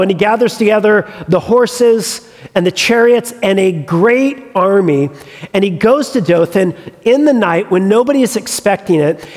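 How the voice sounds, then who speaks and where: A man's voice: sits high, darkish tone, long reverb tail. A male pastor preaching a sermon, retelling a story with humorous asides.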